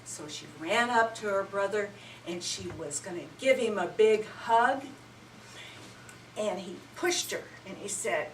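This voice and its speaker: A woman telling a children's story at a retreat, animated and inviting listeners to join in, heard from afar in a roomy hall. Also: mid-range voice, unhurried, a little hiss or hum. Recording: roomy hall, mic far off.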